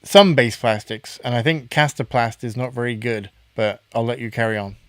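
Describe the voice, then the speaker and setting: A man's voice: mid-range voice, normal speed, no room sound. A man hosting a podcast in a casual chat, rambling a little and correcting himself as he goes. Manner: chatty, self-correcting, rambling. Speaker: podcast host.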